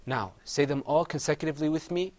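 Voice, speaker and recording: A fast-talking man with a little high, a little mellow voice drills a class on Arabic letter sounds. He patiently says every one and gets the group to repeat, explaining mouth positions step by step.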